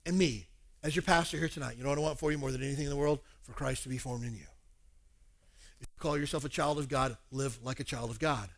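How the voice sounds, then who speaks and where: A male pastor preaching a sermon, animated and acting out dialogues. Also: medium pitch, fast talker.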